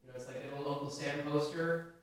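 A man's voice: on the high side, fairly even intonation, brisk. A male pastor preaching a sermon in a conversational way, asking the congregation questions. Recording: very echoey hall, voice from a distance.

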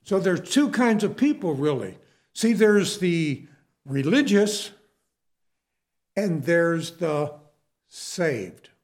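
Middle-aged male preacher, storytelling sermon, slow delivery, slightly high voice, asks the congregation questions. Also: very animated, darkish tone.

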